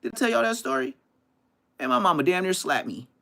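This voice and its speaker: A podcast host rants loudly and profanely, rambling from one point to the next. His voice sits a bit high and his pitch swings widely, animated throughout. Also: a little fast, gravelly. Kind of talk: casual ranting podcast monologue.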